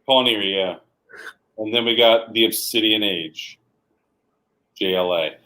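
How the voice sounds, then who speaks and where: A man's voice: fairly low pitch, measured pace, pushed and bright, poor audio. Easygoing man calling out comic deals. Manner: easygoing, lists deals and repeats "folks". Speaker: co-host of a live comic shop sales show. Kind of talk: live sales pitch.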